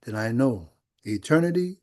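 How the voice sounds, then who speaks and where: Middle-aged guy pastor preaching in church, chatty storytelling, mellow dark voice. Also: medium pitch, lively intonation, normal speed. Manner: conversational storytelling with quoted dialogue. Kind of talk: sermon.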